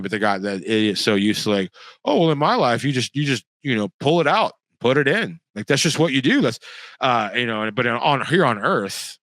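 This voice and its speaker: A man from the United States hosts his own show in loose, rambling commentary, blunt and crude, restarting his sentences often. His voice sits low, and it is recorded dry with no room sound. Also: a bit bright, no room sound. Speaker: podcast host. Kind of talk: casual solo commentary.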